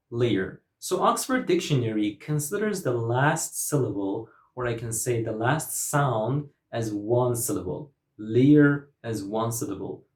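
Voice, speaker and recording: A man teaching English pronunciation, slowly repeating words and stressing their syllables. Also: mid-range voice, a little mellow, echoey room. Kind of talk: slow, deliberate pronunciation lesson.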